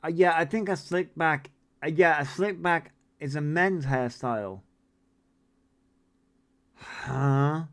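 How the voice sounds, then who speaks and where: A man's voice: on the high side, takes it slowly, long pauses. A man in his forties hosting a casual livestream, reading viewer comments and ranting in a sweary, incredulous, rambling way. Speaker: livestream host.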